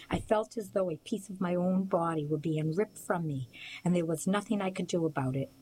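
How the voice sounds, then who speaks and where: A woman reading a novel aloud for a radio reading service, in a steady, plain storytelling manner. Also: fairly low pitch, slight background noise, rough recording.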